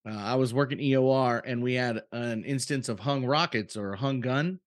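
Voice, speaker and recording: A man's voice: medium pitch, normal speed. A man telling military stories in a casual podcast chat, swearing freely and breaking into silly voices.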